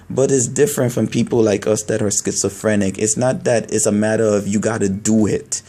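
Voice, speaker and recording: A man speaking candidly to camera, halting, earnest and full of restarts and repeated words. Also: fairly low pitch, fairly even intonation, dark tone. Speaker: video blogger. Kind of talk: candid personal talk to camera.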